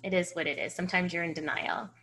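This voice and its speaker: A woman hosting a personal storytelling vlog, animated and acting out the dialogue as she tells it. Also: fairly low pitch, fast talker. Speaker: host.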